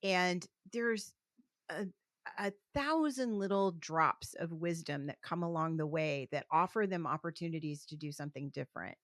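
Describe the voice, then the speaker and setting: A woman's voice: sits low, moderate pace, fairly bright tone, no echo, studio quality. A woman podcast host and business coach, reflective, asking questions with restarts. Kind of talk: interview host.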